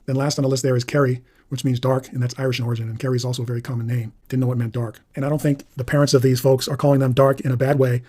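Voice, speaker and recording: A man's voice: mid-range voice, mellow, slightly rough. A man reading through a list of names and their meanings, explaining each in turn. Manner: plain, explanatory, reading aloud item by item.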